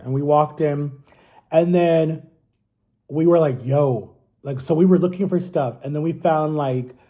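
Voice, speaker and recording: A man's voice: on the high side, mellow. Rambling, swearing young man telling a story. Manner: loose and rambling, swears a lot, keeps asking "right?". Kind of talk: casual storytime.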